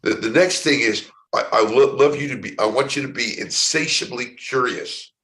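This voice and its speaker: A man from San Francisco speaks as a guest in a conversational interview. He tells his story earnestly at a middle pitch, often stumbling and repeating a word before going on. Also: moderate pace, fairly bright tone. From San Francisco, United States. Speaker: spiritual coach being interviewed.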